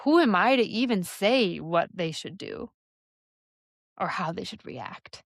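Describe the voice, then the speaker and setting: A woman's voice: mid-range voice, expressive, measured pace, creaky, no echo, studio quality. A young adult woman hosting a solo podcast, talking candidly about her coaching work in a loose, conversational way with lots of fillers. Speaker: podcast host and somatic embodiment coach. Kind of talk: reflective solo podcast monologue.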